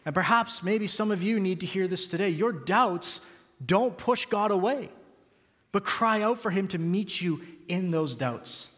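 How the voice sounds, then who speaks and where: A man's voice: high voice, lively intonation, unhurried, a bit bright, long reverb tail. A man preaching a sermon, earnest and building to emphatic peaks. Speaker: pastor.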